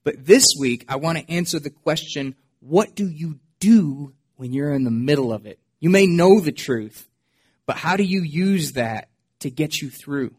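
A male pastor delivering a sermon in a slightly higher-than-average voice. He preaches earnestly and expressively. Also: animated, a little slow, slightly rough.

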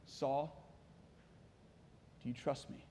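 A man voicing God as a soft, low, whispering presence. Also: slow, natural voice. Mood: calm. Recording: long reverb in a hall.

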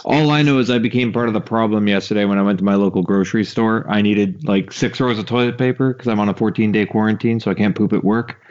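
A man's voice: lowish voice, quick pace, few pauses, a little mellow. A man co-hosting a casual podcast, cracking jokes and rambling through stories. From Quebec, Canada. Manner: joking, rambling storyteller. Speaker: podcast co-host. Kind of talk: casual chat. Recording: dull lo-fi remote audio.

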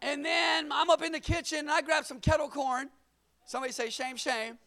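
A man preaching a lively sermon, shouting at the peaks and calling on the congregation to answer back. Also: very high voice, brisk, vocal fry. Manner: energetic, shouting at peaks, call-and-response. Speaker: pastor.

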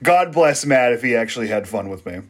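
A man's voice: medium pitch, animated, brisk. A man co-hosting a podcast, joking and swearing about baseball while he eats. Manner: joking, swearing, laughs often. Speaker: podcast co-host. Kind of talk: casual sports chat.

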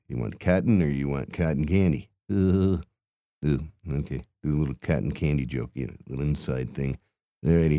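A man's voice: a bass voice, vocal fry, dark tone, no room sound, clean studio sound. A man playing a hapless, grumbling carnival cotton candy vendor in an improvised character monologue, mumbling and stammering with groaning sighs.

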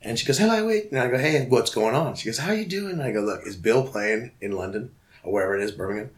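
A low-pitched man spins rambling stories in a relaxed interview. He gets excited and slips into other people's voices to act out what they said. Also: fast talker. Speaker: guest musician. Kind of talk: casual storytelling interview.

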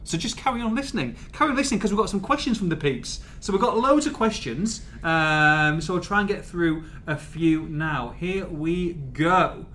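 A man hosts a podcast in a chatty, upbeat way. His voice sits a little high and sounds bright and forward. A faint rumble runs under the recording. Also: animated, normal speed, few pauses. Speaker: podcast host. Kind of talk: casual chat.

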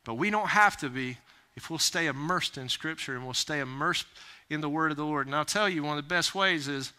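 A man preaching a sermon, plain-spoken and folksy, rising to loud urgent calls. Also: fairly high pitch, brisk, clean tone. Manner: animated, rising to near-shouts when urging haste. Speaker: pastor.

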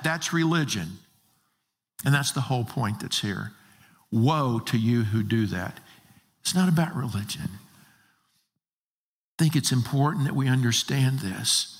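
A man's voice: mid-range voice, lively intonation, unhurried, pauses often. A man preaching a sermon as a pastor, emphatic and full of rhetorical questions. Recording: long reverb of a large hall.

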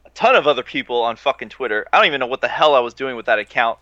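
A man in casual chat, talking in a relaxed, profane and slightly hesitant way. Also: medium pitch, very fast, no room sound, muffled recording.

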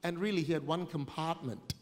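High-voiced Australian man preaching in a hall. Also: a little fast. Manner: energetic, self-mocking storytelling with humor. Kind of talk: sermon.

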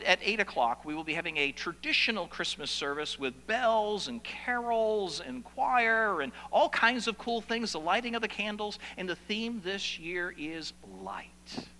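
A man preaching a sermon as the pastor of his church, with an animated delivery that stretches out key words and pauses for effect. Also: high voice, big-room sound, poor audio.

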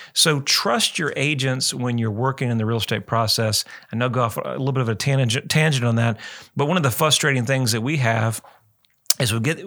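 Bright-voiced chatty man hosting radio. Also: medium pitch. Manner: rambling, chatty, animated quoting. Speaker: radio show host, realtor. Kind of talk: casual radio talk.

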